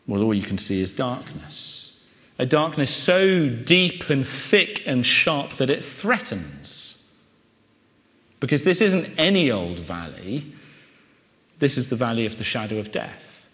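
Slow, dramatic male preacher in a reverberant hall. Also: mid-range voice, sing-song, a bit bright. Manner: dramatic, with repeated rhetorical questions and pauses. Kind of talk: sermon.

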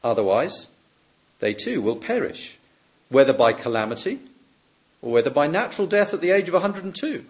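A man delivering a sermon in a measured, emphatic way. His pitch swings lively across a wide range, climbing on questions and sinking to a soft hush on the words he wants to land. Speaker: preacher.

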